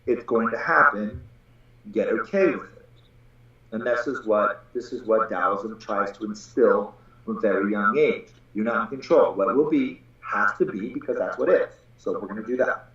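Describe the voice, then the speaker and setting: A blunt, swearing man holds forth as a Taoist teacher in a loose podcast chat, slipping into other people's voices as he tells stories. His voice booms around a strongly echoing room, and the sound is dull and muffled. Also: moderate pace, a bit bright. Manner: blunt and profane, acts out quoted voices. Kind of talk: casual podcast conversation.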